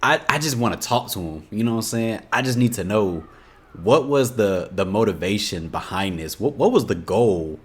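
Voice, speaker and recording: A young man with an Indiana accent talks through a reaction video in a lowish voice. He is animated and a bit exasperated, and he leans on casual filler phrases as he explains himself. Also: moderate pace, husky. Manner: animated, exasperated, keeps saying "you know what I'm saying".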